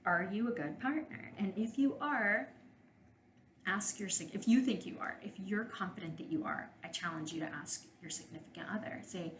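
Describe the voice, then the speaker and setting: A woman podcast host and couples therapist speaks straight to her listeners with frank, direct advice. Her voice sits on the lower side. The room around her is echoey, with a faint hiss underneath. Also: fairly quick. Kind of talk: solo podcast advice monologue.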